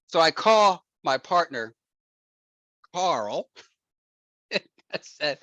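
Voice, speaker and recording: Man telling a lively story, laughing often. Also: fairly high pitch, takes it slowly, long pauses, no room sound. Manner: laughs often, acts out quotes. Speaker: guest real estate investor. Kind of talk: animated anecdote telling.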